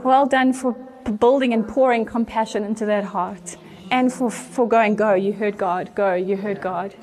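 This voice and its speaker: A woman pastor, telling a story in an animated way during a sermon. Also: mid-range voice, normal speed. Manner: animated storyteller, acts out voices with laughter. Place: church.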